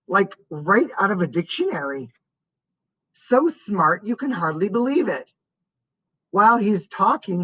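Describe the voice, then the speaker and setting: A woman reading a first-person story aloud as an audiobook narrator, in a slow and expressive way. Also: mid-range voice, low-quality recording.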